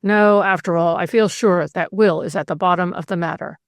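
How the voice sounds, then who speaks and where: A woman's voice: lowish voice, fairly even intonation, moderate pace, no echo, lightly acted. A woman voicing an older male magistrate who talks in a sly, dry, confidential way.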